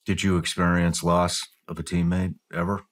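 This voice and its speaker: A man's voice: low-pitched, steady tone, unhurried, creaky. A man hosting an interview, asking short, direct questions in a casual way. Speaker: podcast interviewer.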